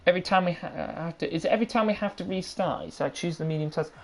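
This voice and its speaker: A chatty woman hosting a live race stream in a slightly low voice. She talks briskly and is easily amused, shuffling through admin with quick asides. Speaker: race league host.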